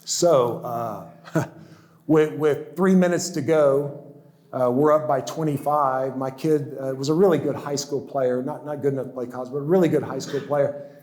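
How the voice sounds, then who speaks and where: A man's voice: mid-range voice, steady tone, moderate pace, a little mellow. A man in his sixties giving a personal testimony talk, stammering into restarts and chuckling as he tells his story. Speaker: guest speaker. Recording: roomy echo.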